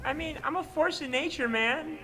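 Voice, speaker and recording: A woman's voice: sits high, normal speed, natural voice. A woman voicing a petty Death figure in a cartoon, making smug, boastful threats. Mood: menacing. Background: loud music.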